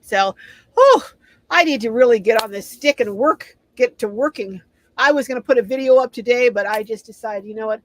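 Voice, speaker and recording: A woman's voice: fairly high pitch, moderate pace, low-quality recording. A middle-aged woman hosting a casual livestream, reading viewer comments aloud and answering them in a chatty way. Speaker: live stream host.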